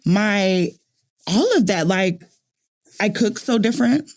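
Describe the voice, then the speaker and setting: A woman from New Orleans hosting a podcast, telling stories in animated casual chat and repeating phrases for emphasis. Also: medium pitch, takes it slowly. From New Orleans, USA. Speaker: podcast host.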